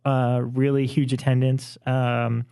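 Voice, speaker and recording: A man's voice: medium pitch, flat delivery, slow, gravelly, dark tone, clear, resonant tone. Chatty man, enthusiastic podcast co-host. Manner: chatty, enthusiastic, with frequent "uh" and "you know". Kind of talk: casual chat.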